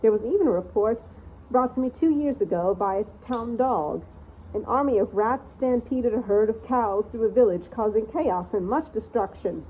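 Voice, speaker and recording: Lady doing a squeaky old storybook mouse, fussy and forgetful, tinny phone-like sound. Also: normal speed, slight background noise, natural voice. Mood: grave. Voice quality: squeaky voice barely above a whisper. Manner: doddering, rambling, peering over spectacles. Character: ancient forgetful male mouse record-keeper. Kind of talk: storybook reading.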